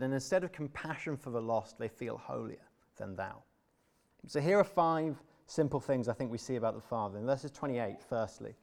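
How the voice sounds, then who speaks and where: A young adult man preaching a sermon in an earnest, emphatic way, sometimes dropping to a soft, tender tone. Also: medium pitch.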